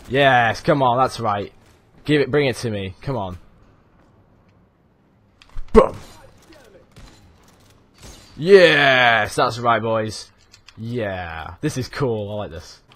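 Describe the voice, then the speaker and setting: A young man speaks slowly in a fairly low voice, pausing often, as he narrates his own gameplay for a casual let's play. This gaming YouTuber is frustrated, curses nonstop, and mutters to himself.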